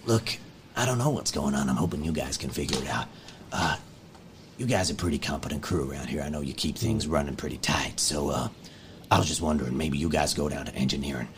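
A man voicing a calm, persuasive middle-aged community leader who talks in easygoing, reassuring asides. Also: rumbling low, fast talker, noisy background, pitched below the performer's own voice.

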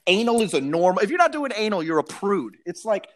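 High, lively, rowdy man in his thirties. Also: fairly quick. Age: 30s. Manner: rowdy, profane, swings pitch wildly in acted quotes. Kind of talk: casual podcast chat.

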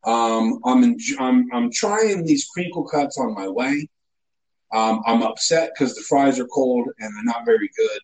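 A man telling a comic story in a casual chat, animated and mock-indignant. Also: medium pitch, measured pace, low-quality recording.

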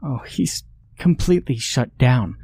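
Guy doing a higher, wrecked, teary young woman in a creepy story, shaky, keeps trailing off. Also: lively intonation, measured pace, a little mellow, slightly rough. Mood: distraught. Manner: tearful, shaky, breaking off mid-sentence. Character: distraught, exhausted grieving young woman. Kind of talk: horror story narration.

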